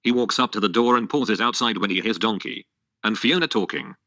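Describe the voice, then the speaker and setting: A male text-to-speech voice reading stage directions as narrator, with a flat synthetic delivery and odd stresses. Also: fairly low pitch, a little fast, no echo.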